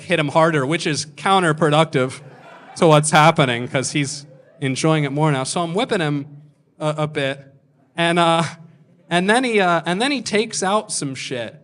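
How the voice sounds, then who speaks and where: A man doing stand-up at a comedy club, telling a long story in a deadpan way and acting out what people said. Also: on the high side. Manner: deadpan delivery with acted-out quotes.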